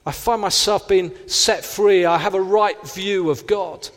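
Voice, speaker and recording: A man preaching a sermon, earnest and direct, now and then slipping into little acted-out inner voices. His voice sits high for a man. The sound rings out with a long reverb, as in a large hall. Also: unhurried.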